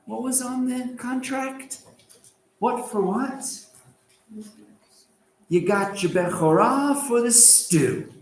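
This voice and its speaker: Animated sarcastic man teaching a class. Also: very high-pitched, slow pace, hardly any pauses, roomy sound, a little hiss or hum, rough recording. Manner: animated and sarcastic, asking rhetorical questions. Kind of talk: lively lecture to students.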